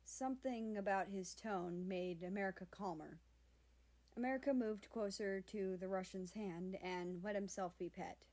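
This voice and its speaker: A woman reads a fan fiction chapter aloud in a plain storytelling manner. Her voice sits at a middle pitch, neither high nor low, and she keeps the narration steady. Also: normal speed.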